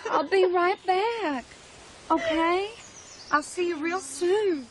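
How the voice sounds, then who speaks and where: An actress playing a tender woman speaking softly and tearfully to a child. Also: high voice, fairly even intonation, moderate pace, slight background noise, lightly acted. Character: tender Southern woman saying goodbye.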